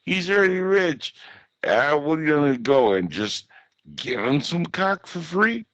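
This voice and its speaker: A man's voice: on the high side, sing-song, a little slow, a bit bright, no echo, lo-fi sound. A man hosting a casual online group chat, talking in a blunt, sarcastic, ranting way. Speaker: podcast host.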